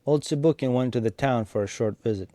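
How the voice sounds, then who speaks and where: A man reading a classic story aloud, unhurried, with small slips. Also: medium pitch, mellow, no echo. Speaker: reader.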